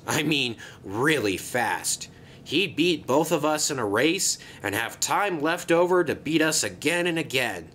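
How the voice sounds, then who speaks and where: A man does a sheepish little bus from a children's story, hesitant and apologetic, in a mid-pitched voice that still moves around a lot. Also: a bit bright, a little hiss or hum. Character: sheepish, secretive male red bus.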